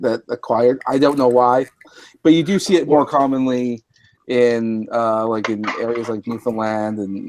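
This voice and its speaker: A man's voice: mid-range voice, darkish tone, dry recording. A man hosting a casual group stream chat, talking hesitantly with many fillers and restarts. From Canada.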